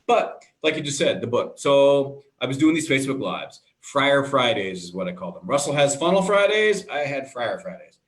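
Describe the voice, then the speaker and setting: A man's voice: mid-range voice, very animated, normal speed, hardly any pauses. A man co-hosting a live web show, chatting casually, rambling through stories full of tangents and acted-out quotes. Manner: rambling storyteller, goes off on tangents; acts out quoted voices in his stories. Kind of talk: casual chat.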